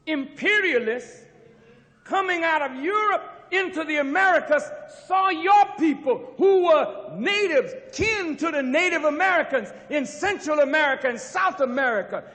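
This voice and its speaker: High-pitched preaching man in a hall. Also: animated. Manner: preaching, rising to shouts, drawn-out emphasis. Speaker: minister addressing students. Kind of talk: impassioned lecture speech. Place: university auditorium. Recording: archival recording with long hall reverb.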